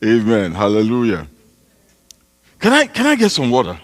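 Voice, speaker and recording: A pastor from Nigeria, out of breath, preaching a sermon in a church hall with a chatty, joking manner that rises to loud, emphatic declarations. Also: male voice, mid-range voice, wildly swooping pitch, moderate pace. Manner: chatty, joking, breaks into laughter.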